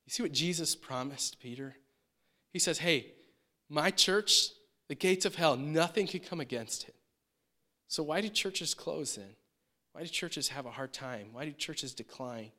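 Bright-voiced animated male pastor. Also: mid-range voice. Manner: conversational storytelling, animated, rhetorical questions. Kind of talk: sermon. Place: church sanctuary.

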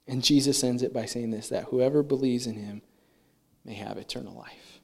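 A man's voice: mid-range voice, normal speed, gravelly, darkish tone. A man preaching a sermon in a conversational way, acting out the voices he quotes. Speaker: pastor.

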